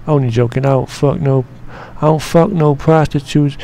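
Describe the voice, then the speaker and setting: A man's voice: a little high, steady tone, moderate pace, hardly any pauses, mellow. A man narrating an editing session in a casual, joking way, full of slang and swearing, and rambling as he works. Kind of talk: casual profane screen-recording commentary.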